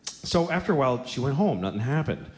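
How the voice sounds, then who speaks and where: A man in his forties doing a stand-up comedy set on a theater stage, telling blunt, exaggerated stories in an animated way. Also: medium pitch, quick pace. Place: theater stage before a live audience. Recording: roomy hall with audience noise.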